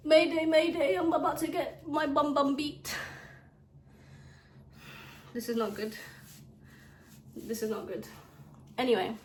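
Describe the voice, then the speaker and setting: A woman's voice: high-pitched, slight background noise. Chatty, dramatic young British woman. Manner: chatty and dramatic, quick asides. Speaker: vlogger telling a story time. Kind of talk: casual storytime chat while doing makeup. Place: bedroom at home. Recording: echoey room.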